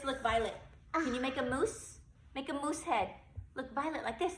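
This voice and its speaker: A young woman, a preschool teacher, reading a picture book aloud to a toddler in an animated, coaxing, sing-song way. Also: sits high, normal speed, echoey room, far from the mic, slight background noise, poor audio.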